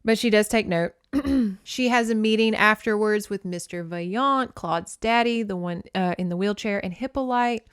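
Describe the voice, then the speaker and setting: Young woman podcast host, frank and opinionated, smooth clear voice, dry close sound. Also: mid-range voice, moderate pace, no room sound. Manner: candid, opinionated, swears freely. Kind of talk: casual book recap.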